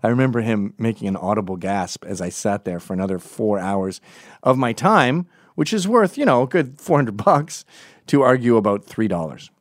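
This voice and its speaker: A man with an American accent telling comic stories in a rambling, digressive way with deadpan asides. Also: fairly low pitch, moderate pace, no room sound, clean studio sound. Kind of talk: comedic storytelling monologue.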